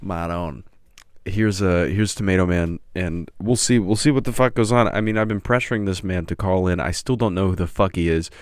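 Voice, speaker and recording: A man's voice: deep voice, brisk, smooth, no echo, studio quality. A man hosting a podcast, rambling, profane and self-mocking. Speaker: podcast host.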